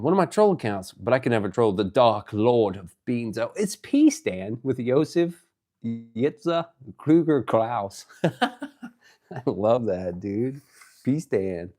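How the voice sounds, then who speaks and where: A man streaming live, chatting casually with viewers, reading their messages out, excitable and swearing as he jokes around. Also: on the low side. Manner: excitable, swearing, joking banter. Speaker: livestreamer.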